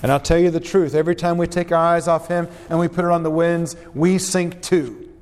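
A man's voice: fairly high pitch, steady tone, brisk, darkish tone, clear, resonant tone. A man preaching a sermon, reading scripture aloud with earnest, dramatic rises and drops in his voice. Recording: long hall reverb.

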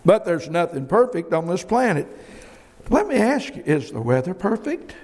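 A man's voice: high voice, vocal fry, darkish tone. A middle-aged man preaching a sermon, emphatic and folksy, often repeating his words. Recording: long hall reverb.

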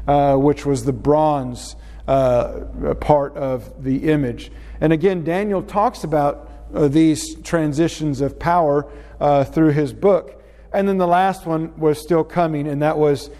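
A man teaching a Bible class in an unhurried way, often pausing with "uh" fillers. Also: fairly high pitch, mellow. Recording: long reverb in a hall.

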